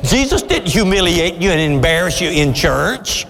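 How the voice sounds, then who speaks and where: Preacher guy, fired up, slow and drawn out, high voice, big echoey hall. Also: very animated, slight background noise. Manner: impassioned, rising to shouts. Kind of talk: sermon.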